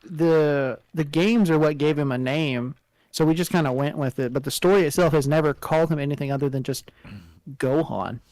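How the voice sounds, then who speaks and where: A man co-hosting a casual manga discussion, adding measured, analytical comments on the story. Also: a little high, a little mellow, no echo. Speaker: co-host.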